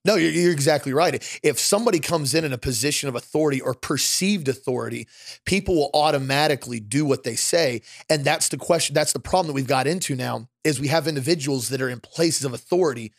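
Animated man telling stories in a dry room. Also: a little high, fast, vocal fry, no room sound. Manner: animated storyteller, acts out quoted people. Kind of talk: casual conversation.

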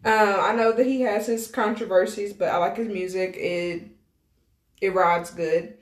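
A woman's voice: medium pitch, fairly even intonation, measured pace. A young woman co-hosting a podcast, gushing and giggly in casual chat. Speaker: podcast co-host. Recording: roomy echo.

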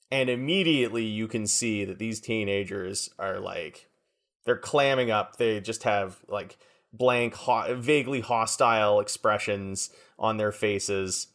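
Male game master, lowish voice, relaxed narration. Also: a little slow. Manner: relaxed, descriptive, with fillers.

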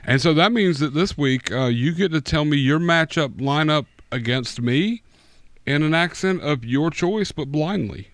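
A man co-hosting a casual podcast, relaxed and teasing. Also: a little high, a little slow, no room sound. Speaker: co-host.

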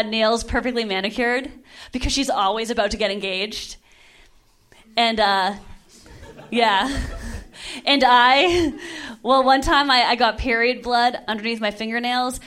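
A young woman doing stand-up on a club stage, her voice high and ringing. She delivers lines deadpan and keeps breaking into laughs at her own jokes. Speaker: stand-up comedian. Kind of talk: stand-up comedy set.

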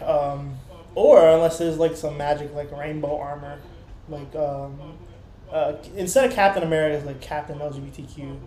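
A man with a high, light voice chats loosely on a podcast, rambling through a profane story and slipping into the voices of the people he quotes. He sounds as though he is in a roomy space with a lot of echo. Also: fairly even intonation, normal speed, warm tone. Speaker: podcast co-host. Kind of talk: casual chat.

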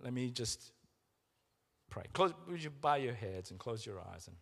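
A middle-aged man preaching a sermon as pastor, earnest and emotional, slowing down for emphasis. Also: mid-range voice, animated, vocal fry, a bit bright. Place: church. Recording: reverberant church hall with music.

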